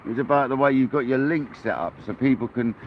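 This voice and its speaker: An Englishman hosts a fishing livestream from a kayak at the coast, chatting casually with viewers and calling them mate and buddy. His mid-range voice is animated and quick, and the audio is narrow and tinny with slight background noise.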